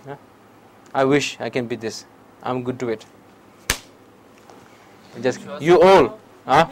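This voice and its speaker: A man's voice: medium pitch, slow pace, noisy background. A man with a Tibetan accent giving a public meditation talk in broken English, telling stories and often checking in with "okay?". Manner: broken English, lively storytelling, frequent "okay?". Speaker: meditation teacher. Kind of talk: public dharma talk with questions. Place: lecture hall.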